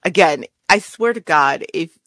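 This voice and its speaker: A woman's voice: low-pitched, lively intonation, measured pace, a bit bright, dry recording. A woman co-hosting a podcast, chatting casually and ranting with laughs and exasperation about a TV series. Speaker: podcast co-host reviewing a TV series. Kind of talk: casual chat.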